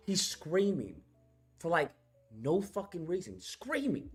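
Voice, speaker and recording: Animated, profane, high-voiced male film reviewer. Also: unhurried, faint music behind. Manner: profane, animated, retells scenes by acting them out. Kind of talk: casual film recap.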